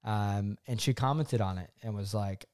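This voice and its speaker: A man's voice: on the low side, normal speed. A young man, co-host of a chat, telling a personal story casually and acting out what he said back then. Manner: animated, acts out his own past quotes.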